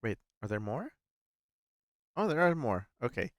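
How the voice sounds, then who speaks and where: A man hosting a casual game stream, reading chat aloud and thinking out loud in a playful, chatty way. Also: mid-range voice, big pitch swings, a little slow, no room sound, clean studio sound. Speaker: gaming streamer, host.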